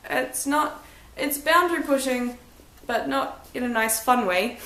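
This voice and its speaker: Young female book vlogger, higher pitch, frank and self-mocking, roomy sound. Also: measured pace, bright, forceful tone. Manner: blunt, chatty, self-deprecating. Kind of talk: casual book review vlog.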